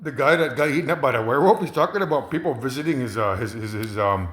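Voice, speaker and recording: A man's voice: mid-range voice, animated, fast talker, a bit bright. A man talking in a rambling monologue, hesitant, with many fillers, repeats and chuckles. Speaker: commentator. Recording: roomy echo.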